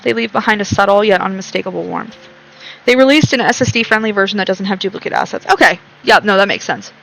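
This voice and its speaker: A woman's voice: mid-range voice, fast talker, gravelly, a bit bright, soft background music, low-quality recording. A young woman streaming a game, reading its text aloud and breaking off into chatty, rambling commentary with frequent laughs.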